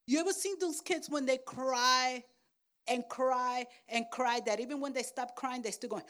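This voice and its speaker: A woman pastor preaching a sermon, checking in with "Amen?" and "right?", and swinging from soft asides to loud calls. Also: high voice. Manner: slow, deliberate delivery.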